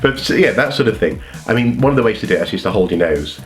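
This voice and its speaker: A man's voice: fairly low pitch, lively intonation, rapid-fire. A man with a cold telling meandering, casual stories from his childhood, often breaking off to correct himself. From North Wales. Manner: meandering, self-correcting, chatty. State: has a cold. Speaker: vlogger. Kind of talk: casual storytelling.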